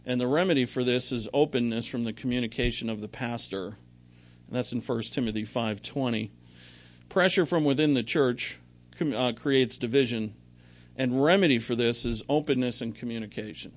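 A man's voice: medium pitch, normal speed. A middle-aged man preaching a sermon in a conversational, rambling way, full of anecdotes and restarts. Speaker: pastor.

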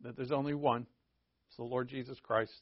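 A man preaching a conversational sermon, animated, chuckling often and acting out little back-and-forth dialogues. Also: medium pitch, normal speed, no echo. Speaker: pastor. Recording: dull, slightly lo-fi dry recording.

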